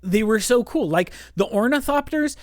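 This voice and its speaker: A podcast co-host in a casual film chat who talks quickly and animatedly, full of restarts and "like"s. The voice sits mid-range in pitch. The sound is dry and close, with no room echo. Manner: animated, talks fast with many restarts and fillers.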